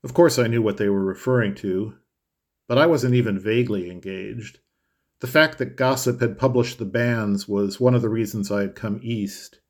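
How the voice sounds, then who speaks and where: A man narrating a classic novel in a measured, expressive way. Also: mid-range voice. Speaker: audiobook narrator. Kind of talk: scripted literary narration.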